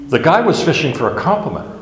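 A man's voice: on the high side, big pitch swings, fast, background noise. A man teaching a casual Bible class in a wry, self-deprecating way, chuckling at his own jokes. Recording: echoey room with long reverb.

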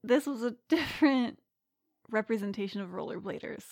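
A woman co-hosting a podcast, chatting casually about a film, laughing often and talking in an animated way. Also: fairly high pitch, moderate pace, gravelly, dry recording, clean studio sound. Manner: giggly, animated. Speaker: podcast co-host.

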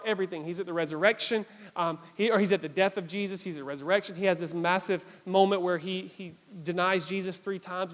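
Man, pastor, sermon, animated, repetitive emphasis, long hall reverb. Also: sits high.

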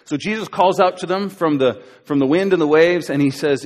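A pastor giving a sermon, telling a story and acting out its scenes with voices and asides to the crowd. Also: male voice, fairly high pitch, brisk, few pauses. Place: church auditorium. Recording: live church recording with long hall reverb.

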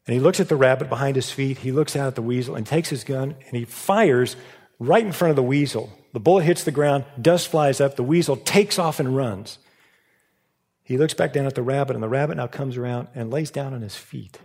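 A man of around fifty preaches a storytelling sermon at an ordinary, mid-range pitch, earnest and often sinking into a quiet, hushed tone. His voice rings out with a long reverb, as it would in a large church sanctuary. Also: fairly quick. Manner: earnest, often dropping to a hushed, soft delivery. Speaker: pastor.

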